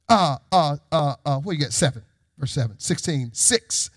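High, lively preacher man. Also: normal speed, breathy edge, no echo, clean studio sound. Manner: call-and-response preaching with rising shouts. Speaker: pastor. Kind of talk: sermon.

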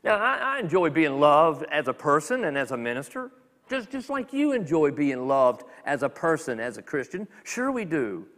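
A man preaching a sermon as a minister, talking in a conversational, animated way with quick acted asides. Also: fairly high pitch, long reverb tail. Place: church sanctuary.

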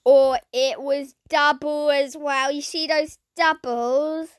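A woman giving casual gameplay commentary, dramatic and excitable, who keeps talking to her viewers and often drops into a whisper. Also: high voice, slow, no room sound, studio quality. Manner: excitable and dramatic, swinging between squeals and whispers; chats to viewers while playing. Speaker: gaming channel host.

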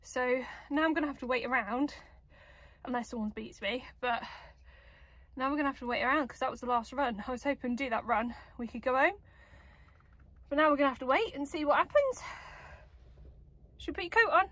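A woman's voice: sits high, a little fast, fairly bright tone, no echo. A young woman vlogging outdoors at a cold dog show on a handheld camera, chatting and talking fondly to her dogs. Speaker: vlogger and dog agility handler. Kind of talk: casual vlog chat.

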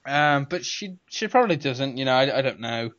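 Bright-voiced young British man, rambling. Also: mid-range voice, expressive, moderate pace, no room sound. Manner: rambling, loose, laughs often. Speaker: podcast co-host. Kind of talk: casual chat. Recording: dull, dry home recording.

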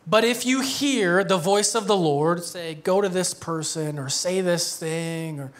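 High-voiced joking pastor man. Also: a little slow. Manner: conversational, joking, laughs often. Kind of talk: sermon. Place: church.

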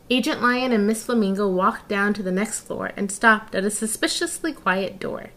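A woman reading a children's picture book aloud, narrating gently and engagingly, with asides to the listener. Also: medium pitch, moderate pace, hardly any pauses. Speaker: storyteller. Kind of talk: children's story read-aloud.

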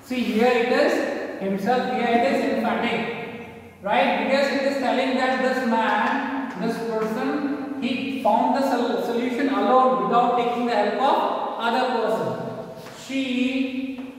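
A man with an Indian English accent teaches grammar slowly and patiently, often checking that his class follows. His voice is very high. It rings through a reverberant classroom, picked up by a mic some distance away. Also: fairly even intonation. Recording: echoey room with long reverb, far from mic.

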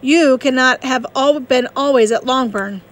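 A woman reading the part of a proud, reserved young gentleman in an audiobook, terse and formal. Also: high voice, measured pace.

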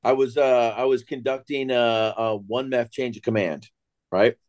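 A man on a podcast crew telling a story in an animated way, often checking in with his listeners. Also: mid-range voice, moderate pace. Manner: animated, keeps checking in with "right?". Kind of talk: casual storytelling.

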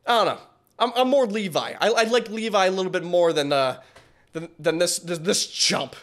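A man hosting a reaction video in casual commentary, excitable and rambling, often stumbling over his words. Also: high-pitched, normal speed.

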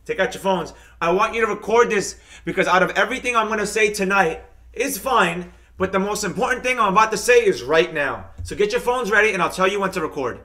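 A man's voice: high-pitched, bright, forceful tone. A man hosting a live-streamed trading lesson. He talks straight to his viewers, reads out their comments, and keeps chanting hyped catchphrases.

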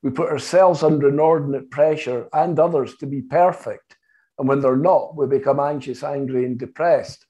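British man telling a measured anecdote. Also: fairly high pitch, mellow, highs cut off. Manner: measured, anecdotal, acts out quoted dialogue. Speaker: hypno-psychotherapist guest. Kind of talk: interview, storytelling.

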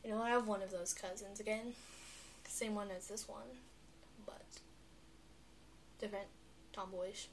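A young girl talking on a vlog, chatty and animated, with lots of filler words. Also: mid-range voice, measured pace, pauses often, slight background noise. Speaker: vlogger. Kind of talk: rambling vlog monologue.

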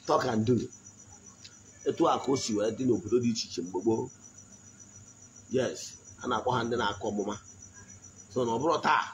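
A man giving a spiritual teaching in a slow, deliberate voice, often asking his listeners if they follow. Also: medium pitch, slight background noise, poor audio. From Nigeria. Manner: switches between Igbo and English, frequent check-ins. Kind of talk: spoken teaching.

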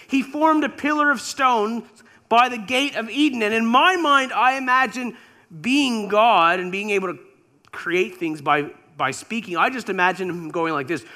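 A man's voice: high-pitched, pushed and bright. A man preacher telling a scripture story in a sermon with dramatic, imaginative retelling.

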